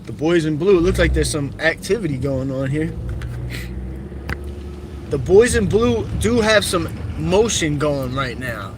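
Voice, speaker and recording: Here a young man drives city streets on a live stream, his fairly high voice lively in intonation and measured in pace. His talk is profane, blunt and opinionated, wandering from point to point. Car noise and traffic from the street fill the recording.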